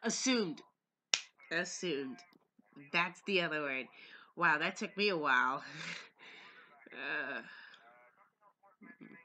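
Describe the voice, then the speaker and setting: A woman's voice: low-pitched, expressive, slow, pauses often, sharp tone, a little hiss or hum. A young woman playing a horror game on her phone, talking through her fear, pleading and often dropping to a whisper. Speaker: gamer. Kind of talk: horror game reaction commentary. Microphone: phone or laptop mic.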